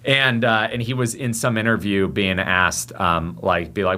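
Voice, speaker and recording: A young man as a podcast guest in casual chat, telling animated stories with quick asides. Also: lowish voice.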